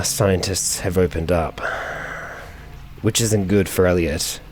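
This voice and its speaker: A man's voice: fairly low pitch, a little mellow, slight background noise. A man hosting a let's play, chatting through his gameplay as he thinks aloud, with frequent fillers. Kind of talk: gameplay commentary.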